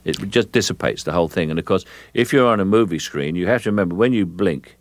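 An older man from England, interviewed as an actor on the radio, speaks in a very deep voice. He is slow and measured, often repeating words as he gathers his thoughts. The sound is dry and close. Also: dry recording.

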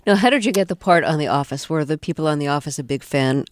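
An interviewer puts questions to a guest with open curiosity and easy laughter. The voice sits in a middle pitch. It is recorded close and dry. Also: fast, no echo. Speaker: radio interviewer.

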